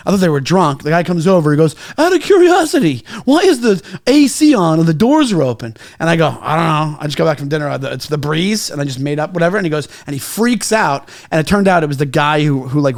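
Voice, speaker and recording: A man with a fairly high voice, laughing through his own stories in a loose podcast chat. He sounds hungover and talks in bursts with many restarts. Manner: laughs often mid-sentence, animated storytelling. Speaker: guest comedian.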